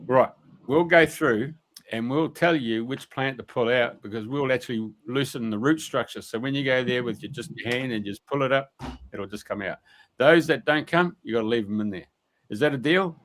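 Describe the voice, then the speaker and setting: A man voicing a commanding male elf king, brisk and bargaining. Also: medium pitch, a bit bright, natural voice.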